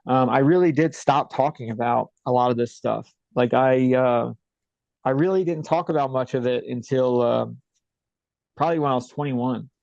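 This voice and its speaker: Mellow-voiced man telling a story. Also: medium pitch, moderate pace, vocal fry, no room sound, lo-fi sound. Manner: rambling, repeats himself, many fillers. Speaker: interview guest. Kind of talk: casual storytelling.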